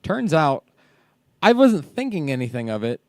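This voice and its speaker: A man's voice: on the high side, sing-song, normal speed, a little mellow, no echo, studio quality. A man from Ohio, a father, telling stories with lots of swearing and laughter in a casual podcast chat. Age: parent of young kids. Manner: profane, storytelling, laughs often. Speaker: podcast co-host.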